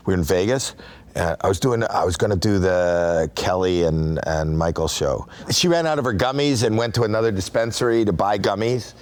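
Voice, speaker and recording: A man in his sixties speaks with a somewhat low voice as an interview guest. He tells stories in an animated way, laughs often, and briefly acts out the voices of the people in them. The talk is casual and keeps tumbling forward. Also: moderate pace. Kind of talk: casual storytelling.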